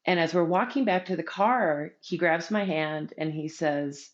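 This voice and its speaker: Low-voiced woman on muffled audio. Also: a little slow, hardly any pauses. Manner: earnest, reflective. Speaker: podcast guest. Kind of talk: casual conversation. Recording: dull lo-fi audio.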